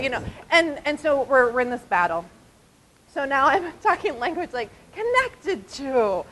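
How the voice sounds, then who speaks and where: A woman in her forties, a diaconal minister, giving an animated conversational talk at a church conference. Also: high-pitched, moderate pace, poor audio. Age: 40s. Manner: animated and conversational, often asking "right?". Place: conference hall.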